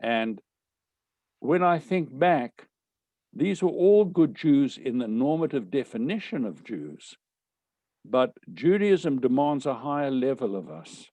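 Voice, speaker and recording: An older man, telling anecdotes from his life in a wry, animated way. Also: medium pitch, slow, no room sound. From South Africa. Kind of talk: storytelling talk.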